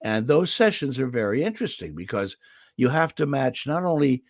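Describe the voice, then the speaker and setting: An animated older voice actor with a gravelly, mid-range voice tells interview stories at a moderate pace from his home in California. His scratchy, irritated throat keeps him clearing it, and he often restarts phrases. The sound is echo-free and clean, like a studio.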